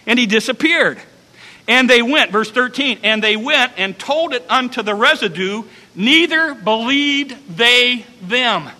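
Emphatic, high-voiced male preacher. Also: expressive, unhurried, in a large hall, rough recording. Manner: emphatic, dramatic repetition, bursts to shouting. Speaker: pastor. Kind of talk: sermon.

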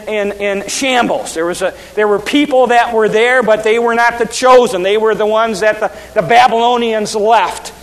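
A man's voice: high voice, in a large hall, low-quality recording. A male pastor giving an earnest sermon in a church, often restarting and repeating his words.

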